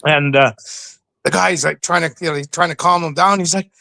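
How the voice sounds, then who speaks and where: A middle-aged man from western Canada, an interview guest who tells stories in a casual, animated way and acts out the voices. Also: a little high, brisk, creaky, no echo. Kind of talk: casual storytelling.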